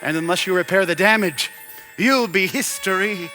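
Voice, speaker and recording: An actor playing an eccentric, excitable older male scientist in a stage musical, with a grand, theatrical delivery. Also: sits high, normal speed, soft background music. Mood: grandiose.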